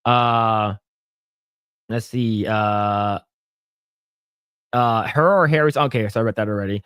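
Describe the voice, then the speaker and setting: A man's voice: on the low side, slow pace, a bit bright, clean tone, no echo, clean studio sound. A man co-hosting a casual podcast, reading comments aloud, joking and stumbling over restarts. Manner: jokey, lots of stammered restarts, breaks into mock voices. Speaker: podcast co-host.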